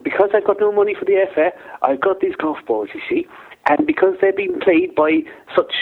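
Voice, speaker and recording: A mischievous little gnome rambles down the phone line in a Welsh accent. His voice sits high, gravelly and husky, and it swoops wildly up and down. The sound is thin and tinny, like an old phone line. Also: big pitch swings, brisk, heavily acted. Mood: cheeky. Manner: rambling storyteller with sing-song rises and falls. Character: cheeky male gnome caller, rambling and mischievous. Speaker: phone-in caller.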